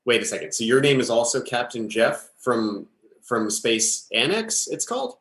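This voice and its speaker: A man's voice: mid-range voice, very animated, normal speed, a bit bright. A man playing a flustered space captain. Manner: rambling, distracted, self-correcting. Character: flustered male space station log keeper, procrastinating. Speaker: improv performer playing a space station host. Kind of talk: improvised sci-fi comedy. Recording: echoey room with faint music.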